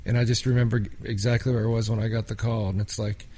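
A man from a small Pennsylvania town, a songwriter appearing as a guest in a casual interview, tells rambling stories packed with filler words. His voice sits on the low side, with a level, dark tone and a quick pace.

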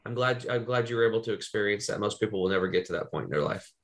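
A man's voice: on the low side, lively intonation, very fast. Rambling man from Eastern Oregon. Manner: rambling, loose and swearing. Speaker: podcast host. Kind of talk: casual storytelling chat.

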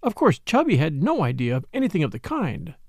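A scheming, effusive society lady, put on by a male reader in a storybook reading. She talks high and fluttery, with swooping, animated pitch. The sound is close and dry. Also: a little fast, gravelly, breathy edge, no echo, heavily acted. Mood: gushing. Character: gushing scheming society lady, middle-aged.

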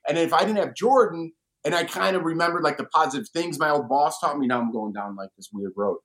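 Give me a man with a somewhat high voice chatting casually as a guest. He tells stories with energy and acts out what people said. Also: fast talker. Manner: animated storyteller, acts out quotes. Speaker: reality show alum guest. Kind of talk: casual chat.

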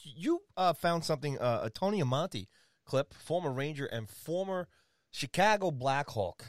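A man's voice: on the high side, animated, normal speed, dry recording, studio quality. Playful crude male podcast co-host. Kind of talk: casual sports podcast banter.

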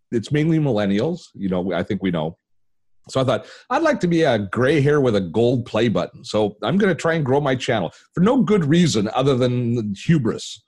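An older man from Canada, a tech channel host telling a personal story as an interview guest, acting out the voices in his anecdotes. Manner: animated storyteller, acts out quoted dialogue with big pitch jumps.

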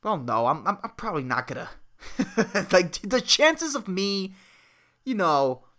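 A man's voice: sits high, sing-song, unhurried, bright, forceful tone. A man in his twenties hosting a podcast, ranting in a profane, exasperated way with lots of fillers. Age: 20s. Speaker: podcast host. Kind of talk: solo comedic rant.

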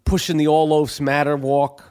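A man's voice: a little high, level tone, normal speed, darkish tone, smooth. A man with a New York accent hosting a podcast in casual, rambling chat, often stammering and restarting, with plenty of profanity. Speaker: podcast host.

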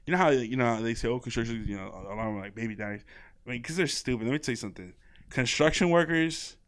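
A man chatting on a casual podcast, his voice sitting at an ordinary middle pitch. He tells long stories and keeps breaking into laughter, acting out the people he quotes. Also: fast, a bit bright, no room sound, clean studio sound. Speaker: podcast guest. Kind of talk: casual chat.

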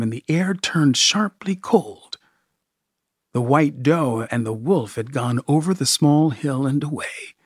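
A man narrating a first-person story in a measured, expressive audiobook style. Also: medium pitch, husky, no room sound, studio quality.

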